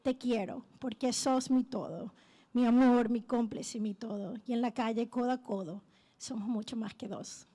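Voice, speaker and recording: A woman reciting a love poem with steady rhythm at a poetry night. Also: fairly high pitch, brisk. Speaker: poet performing at a poetry night.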